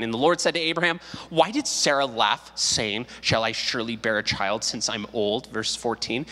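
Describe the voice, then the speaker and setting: A man's voice: medium pitch, bright, forceful tone. A man in his thirties, a pastor teaching a casual Bible study, joking and acting out quotes as he goes. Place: church sanctuary. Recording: long hall reverb.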